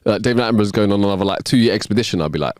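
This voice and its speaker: A man co-hosting a podcast in a relaxed, slangy chat, laughing often. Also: on the low side, rapid-fire, no echo, studio quality. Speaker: podcast co-host. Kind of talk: casual chat. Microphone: wireless clip-on mic.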